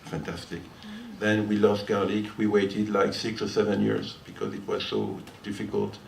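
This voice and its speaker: Between songs at a concert, an older French guitarist rambles through an anecdote in a fairly low, creaky voice with a level tone and normal pace. His French accent comes through as he chats and keeps breaking into laughter. It's captured from far off in a roomy listening hall before a live crowd, with faint noise.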